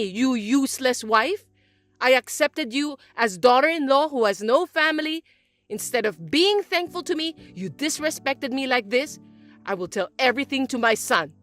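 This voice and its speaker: A woman's voice: high-pitched, lively intonation, normal speed, a bit bright, no room sound, faint music behind. A woman voicing an older mother-in-law who is domineering and accusing, in a dramatized story reading. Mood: angry. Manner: indignant, accusing, whiny.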